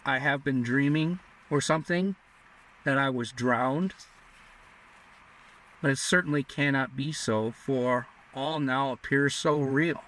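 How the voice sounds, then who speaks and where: Bewildered polite young lieutenant voiced by a male narrator, mid pitch, slow, distant mic. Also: a bit bright. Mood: puzzled.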